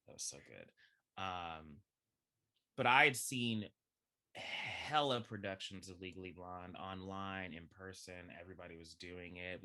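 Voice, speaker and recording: A young man with a low voice that still has a bright, forceful edge. He chats animatedly as a podcast guest and piles filler words into his run-on thoughts. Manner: animated, chatty, heavy use of filler words. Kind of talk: casual chat.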